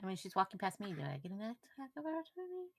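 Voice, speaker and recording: A woman's voice: medium pitch, wildly swooping pitch, racing, vocal fry. A woman playing in a tabletop game, asking hesitant questions about the rules. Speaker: player.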